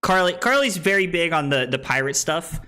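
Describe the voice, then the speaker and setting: A young man with a bright, slightly high voice streams a card game live. He talks through each play and chats with viewers, teasing himself along the way. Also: expressive, moderate pace. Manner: playful, self-deprecating, chatting with viewers while playing.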